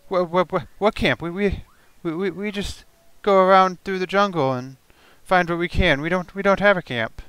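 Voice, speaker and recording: A man's voice: a little high, slow pace, bright, forceful tone, no room sound, exaggerated voice. A man voicing a terrified captive male goblin who stammers and repeats himself as he pleads. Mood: frightened. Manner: stammering, panicky repetitions.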